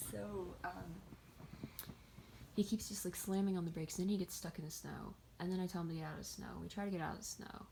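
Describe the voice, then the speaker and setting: A young adult woman vlogger from the greater Pittsburgh area tells a rambling, casual story packed with fillers and swearing. Her voice is lowish and a little fast, with vocal fry and long pauses. Background noise can be heard.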